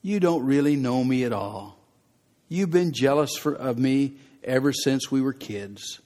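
A man's voice: medium pitch, lively intonation, unhurried, dark tone, natural voice. A man voicing a weary, blunt grown brother who calls out a lie, in plain everyday speech. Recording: long hall reverb.

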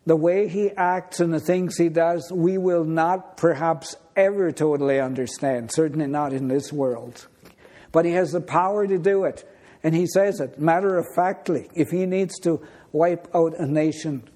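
A man preaching a sermon in a deliberate, unhurried storytelling manner. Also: fairly high pitch, steady tone, mellow.

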